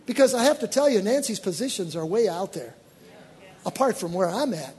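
A man preaching as a pastor, telling stories in an animated, exclaiming way. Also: high-pitched, brisk. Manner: animated, exclaiming storyteller with bursts of excitement. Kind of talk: sermon storytelling. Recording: church hall reverb.

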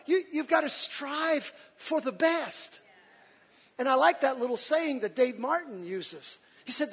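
Animated high-voiced preaching man. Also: big-room sound. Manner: animated, preacherly, acts out quotes with shouts and laughs. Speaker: pastor. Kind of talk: sermon.

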